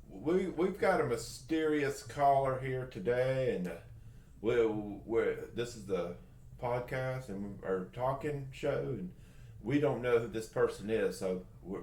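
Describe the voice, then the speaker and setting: A man's voice: medium pitch, darkish tone, reverberant. A man hosting a podcast who talks casually and stumbles, repeating his words as he goes. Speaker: podcast host. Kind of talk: casual chat.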